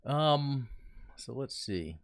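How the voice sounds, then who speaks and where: A man's voice: mid-range voice, sing-song, very slow, no room sound. A man hosting a casual livestream from home, chatting with viewers while setting up and thinking aloud, talking into a desk mic. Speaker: livestream host. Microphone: desk mic he talks into.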